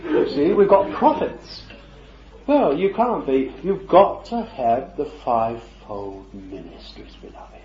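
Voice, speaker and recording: This sermon comes from a man with a mid-range voice who is very animated yet slow, chatting conversationally with rhetorical questions and chuckles. The recording is roomy, dull and lo-fi, with slight background noise.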